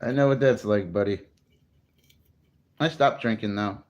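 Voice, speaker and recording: A man's voice: on the low side, measured pace, dull audio. A man from New Jersey chatting casually on a morning livestream, greeting viewers and swearing freely. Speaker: livestream host.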